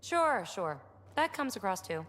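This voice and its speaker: Brief: curious young scientist, wry and animated. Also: female voice, medium pitch, unhurried, long reverb tail. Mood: inquisitive.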